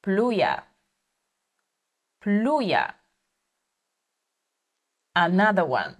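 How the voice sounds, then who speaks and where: A woman teaching vocabulary, repeating each word slowly and carefully for learners. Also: mid-range voice, huge pitch swings. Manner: slow, careful repetition for learners. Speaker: language teacher. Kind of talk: slow vocabulary lesson.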